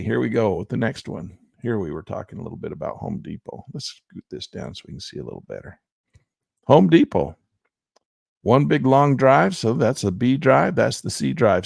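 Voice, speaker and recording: A man's voice: fairly low pitch, gravelly, darkish tone, slightly rough, no room sound, studio quality. A man giving casual, rambling commentary as he goes over stock trading charts, in a folksy way and often talking to himself. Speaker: stock options trader.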